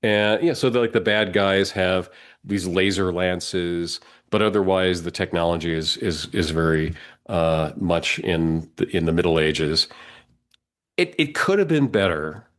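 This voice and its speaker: A low-voiced man co-hosts a podcast while fighting a cold. He talks in rambling, casual bursts, restarting sentences and breaking into laughter. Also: measured pace, a bit bright. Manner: rambling, self-interrupting, laughs often. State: has a cold. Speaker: podcast co-host. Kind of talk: casual chat.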